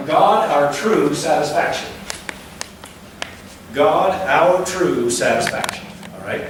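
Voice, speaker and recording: High-voiced pastor preaching in an echoey hall. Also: male voice, a bit bright. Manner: conversational preaching with frequent check-ins and rhetorical questions. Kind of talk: sermon. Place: church sanctuary. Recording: echoey church hall from a distance, faint noise.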